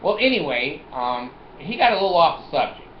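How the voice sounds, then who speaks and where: A man recounts a personal story in a vlog, acting out each exchange with laughs and curses. His voice sits fairly high and swings widely in pitch. The recording is muffled and lo-fi, with a roomy echo. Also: brisk, a little hiss or hum. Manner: animated, acts out dialogue, laughs and swears. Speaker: vlogger. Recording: echoey, dull lo-fi room recording.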